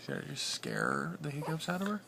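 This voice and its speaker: A man's voice: fairly high pitch, huge pitch swings, a little fast, creaky, heavy background noise. A father talking playfully to his baby daughter at home in baby talk, then apologizing to her.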